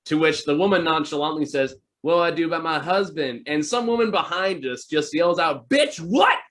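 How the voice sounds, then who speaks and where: A man's voice: on the high side, a little fast, a bit bright. Guy rambling thru movie theater stories, lots of ums and uhs, chill chat. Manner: rambling storyteller, many fillers. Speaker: podcast host. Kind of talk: casual chat.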